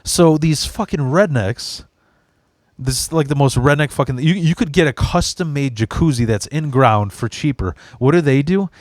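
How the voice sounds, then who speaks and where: A man's voice: fairly high pitch, moderate pace, no echo, studio quality. A man from Chicago hosting a podcast, telling stories in a rambling, heavily profane way full of restarts. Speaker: podcast host. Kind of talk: casual storytelling chat.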